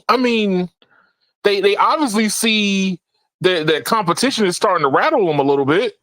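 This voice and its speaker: A man hosting a casual tech podcast, animated, laughing often and repeating words as he talks. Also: high voice, moderate pace, dry recording, low-quality recording. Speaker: podcast host.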